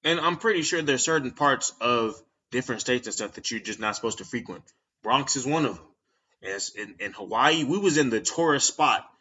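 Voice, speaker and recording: A man from Texas hosts a podcast in a casual, slangy, animated monologue. His voice is bright and forceful, recorded a little dull and lo-fi. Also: medium pitch, normal speed, slightly rough. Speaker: podcast host.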